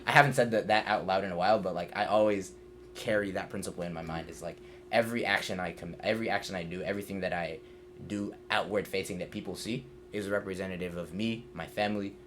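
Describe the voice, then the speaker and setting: Deep-voiced young man, reflective host. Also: fairly even intonation, fast, fairly bright tone, a little hiss or hum. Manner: reflective, earnest. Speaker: podcast host. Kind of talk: casual chat.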